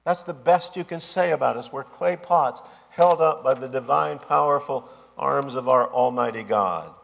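A man's voice: medium pitch, moderate pace, vocal fry, a bit bright. A man preaching a sermon as pastor, with an emphatic, repetitive cadence. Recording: long hall reverb.

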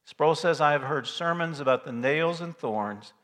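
A man preaching a sermon in a church, earnest and emphatic, repeating phrases and dropping from loud to hushed. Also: fairly high pitch, moderate pace. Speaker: pastor.

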